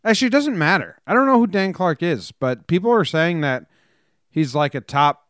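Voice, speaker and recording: A man co-hosting a casual sports podcast, joking and quick as he reads listener messages. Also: fairly high pitch, expressive, fairly bright tone, dry recording, studio quality. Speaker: podcast co-host.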